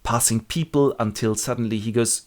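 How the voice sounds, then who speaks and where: A man's voice: medium pitch, steady tone, normal speed. A man narrating a comic book summary in a wry, playful, joking way. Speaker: literature video host.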